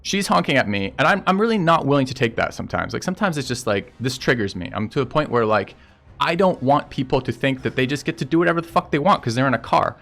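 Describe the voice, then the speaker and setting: A man's voice: medium pitch, lively intonation, fast, gravelly, fairly bright tone. A man streaming and telling a story in casual chat with viewers, blunt and profane as he rants about a road dispute.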